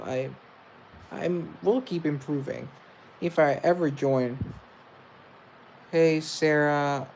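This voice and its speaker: A man's voice: a little high, vocal fry, a little mellow, slight background noise, rough recording. A young man chatting casually in a vlog, rambling and making fun of his own efforts at accents. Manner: rambling, self-deprecating. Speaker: vlogger. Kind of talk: casual self-recorded chat.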